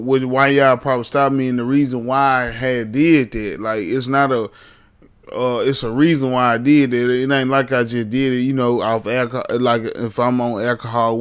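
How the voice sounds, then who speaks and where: A man's voice: mid-range voice, flat delivery, normal speed, clear, resonant tone. A man streaming a casual reaction commentary, talking to his chat in blunt slang. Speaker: streamer reacting to arrest videos.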